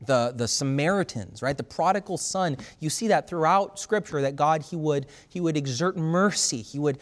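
Earnest preacher man in a reverberant hall. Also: on the high side. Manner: earnest, halting with repeated restarts. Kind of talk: sermon.

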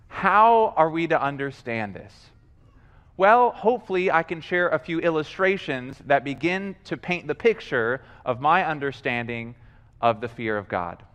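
A man preaching a sermon in a lively, animated way, acting out voices and repeating himself as he builds a point. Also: fairly high pitch, measured pace, smooth. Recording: long hall reverb.

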